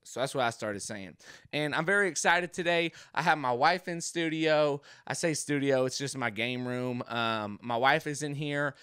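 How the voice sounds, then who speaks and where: A man's voice: medium pitch, moderate pace, sharp tone, smooth, dry recording. Rambling jokey man, dry room. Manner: rambling, jokey, does voices. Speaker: podcast host. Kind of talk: casual comedic monologue. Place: home game room.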